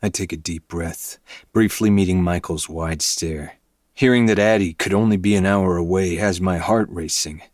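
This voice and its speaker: A man reading a dark novel aloud in first person, with low, intense, brooding delivery. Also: normal speed, dry recording, studio quality. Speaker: podcast host reading a novel.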